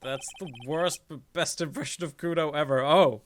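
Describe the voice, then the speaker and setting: A man's voice: on the high side, fairly even intonation, moderate pace, slight background noise. A man streaming a game, making joking, crude asides. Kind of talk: let's play commentary. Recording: game music behind the voice.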